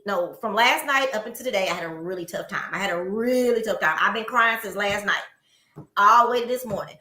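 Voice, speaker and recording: A middle-aged woman co-hosting a podcast, chatting casually and telling stories with lively, acted-out quotes. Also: fairly high pitch. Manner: animated storytelling, acting out quoted people. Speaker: podcast co-host. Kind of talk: casual chat. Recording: echoey room.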